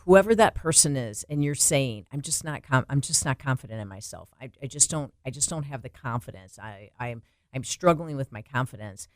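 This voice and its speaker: A woman's voice: very deep voice, expressive, a little fast, no echo, clean studio sound. A woman co-hosting a faith and fitness talk show, speaking earnestly and building to emphatic declarations. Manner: earnest, rising to emphatic exclaims. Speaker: co-host. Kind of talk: faith podcast conversation.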